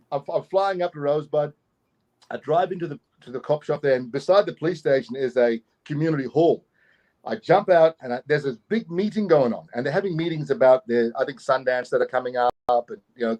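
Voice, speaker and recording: A middle-aged Australian man from Queensland, telling a story as an interview guest in a casual, lively way and acting out the people in it. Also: medium pitch, a little fast. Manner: animated, laughing, acts out the people in his story.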